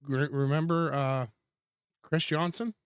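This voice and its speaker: A man's voice: a little high, steady tone, unhurried, clean tone, no room sound. Guy rambling on his podcast in an old garage, restarts a lot, dead dry sound. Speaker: podcast co-host. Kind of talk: casual chat. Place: converted garage room.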